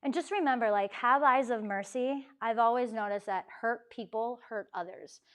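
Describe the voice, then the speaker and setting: Chatty woman giving a lively faith talk. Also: on the high side, normal speed. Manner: chatty, acts out quotes, frequent "right?". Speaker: campus ministry speaker.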